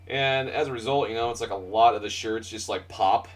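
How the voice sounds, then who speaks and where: A man's voice: fairly low pitch, fairly quick, far from the mic. Rambling, laughing male co-host, off-mic. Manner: rambling, laughing, swears freely. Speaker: podcast co-host. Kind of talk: casual chat.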